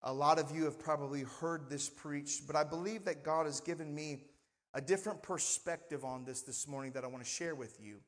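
A man's voice: fairly high pitch, fairly even intonation, brisk, long reverb tail. A male pastor preaching a sermon in a conversational manner, often asking the congregation for responses. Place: church sanctuary.

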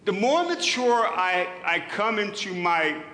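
A man's voice: high-pitched, big pitch swings, slow, pushed and bright. A middle-aged male pastor preaching a sermon in an earnest, emphatic way, often repeating words as he builds a point. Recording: echoey hall with long reverb.

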